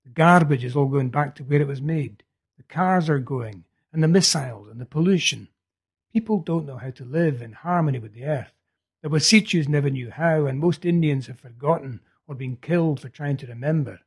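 A man reading the part of a feverish young man urgently telling a vision, in a husky voice. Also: a little high, normal speed. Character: feverish young male prophet, intense and urgent.

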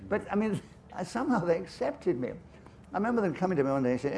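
An older man with a polished English upper-class accent tells stories on a festival stage. His voice sits fairly high, and his talk is chatty and self-amused, full of restarts and asides. A faint hiss lies under it. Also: sing-song, quick pace, creaky, darkish tone. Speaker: guest author. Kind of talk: anecdotal storytelling on stage.

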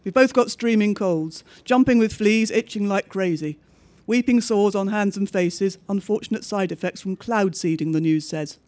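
High-voiced man reading a bleak diary. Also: a little mellow. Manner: measured, understated diary reading. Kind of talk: scripted narration of a diary story.

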